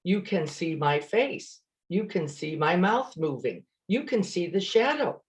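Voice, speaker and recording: Female meditation teacher, energized and emphatic, slow deliberate delivery with rhetorical questions, webcam sound. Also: lowish voice, sing-song. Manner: asks the listener rhetorical questions. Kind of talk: meditation dharma talk.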